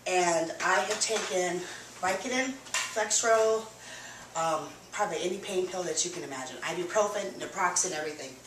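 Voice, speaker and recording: A woman's voice: on the low side, moderate pace, background noise. Nervous woman telling her story. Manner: nervous, chatty, many fillers. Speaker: cashier giving testimony. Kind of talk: personal testimony to an audience. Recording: echoey room, mic from far off.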